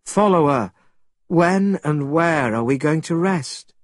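Man doing a polite, earnest monk from a storybook, slightly raised, husky, slow. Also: on the high side, lively intonation, dry recording, clean studio sound. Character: gentle, earnest male monk.

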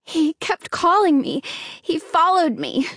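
A woman's voice: sits high, animated, a little slow, no room sound, studio quality, pitched above the performer's own voice. A woman voicing a frightened young girl who speaks breathlessly and tentatively.

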